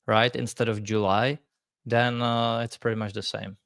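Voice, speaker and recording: A man's voice: medium pitch, little pitch movement, normal speed, vocal fry, fairly bright tone, clear, resonant tone, dry recording, studio quality. A man co-hosting a casual crypto stream, joking playfully and laughing often. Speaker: crypto market show co-host. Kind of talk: casual livestream chat.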